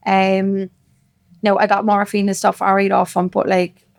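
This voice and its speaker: A woman's voice: medium pitch, completely flat delivery, measured pace, creaky. A woman with a Cork Irish accent, a podcast guest telling her story in casual chat, rambling and emphatic, with plenty of "like". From Cork, Ireland.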